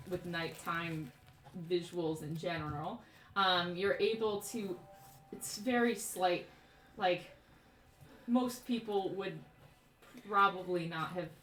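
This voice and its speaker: A woman's voice: fairly low pitch, fairly bright tone, a little hiss or hum. A woman narrating a tabletop game as dungeon master, rambling with lots of fillers. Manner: rambling, filler-heavy description. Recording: echoey room, mic at a distance.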